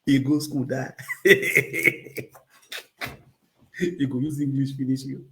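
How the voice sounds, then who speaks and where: A man's voice: mid-range voice, extremely slow, pushed and bright. A man with a Nigerian accent hosting a casual livestream chat, rambling, repeating catchphrases and laughing often. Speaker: livestream host.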